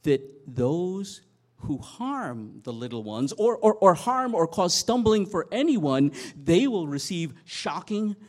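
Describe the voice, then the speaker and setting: A man preaching a sermon, telling a Bible story with animated storytelling and dramatic swings in loudness. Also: sits high, slow pace. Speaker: pastor.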